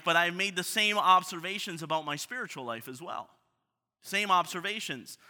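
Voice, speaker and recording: Bright-voiced man preaching in a hall. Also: high-pitched. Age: 30s. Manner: self-deprecating and conversational, with restarts. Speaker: pastor. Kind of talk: sermon. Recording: reverberant hall.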